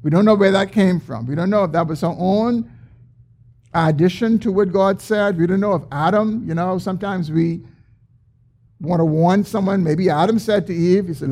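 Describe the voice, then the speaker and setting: A man preaching a sermon, explaining a scripture passage with emphatic, drawn-out stresses. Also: sits high, a little mellow. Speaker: pastor.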